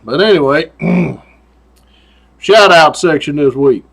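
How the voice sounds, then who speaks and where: Folksy, profane man, slightly high. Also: expressive, takes it slowly, gravelly, long pauses, fairly bright tone. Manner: profane, folksy, laughs often. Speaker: host. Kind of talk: casual storytelling monologue.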